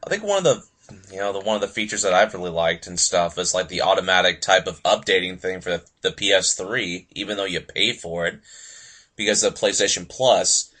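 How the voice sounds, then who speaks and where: A man's voice: deep voice, a little fast, bright, forceful tone. A man co-hosting a casual gaming podcast, rambling with lots of fillers and laughing often. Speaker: podcast co-host. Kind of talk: casual chat.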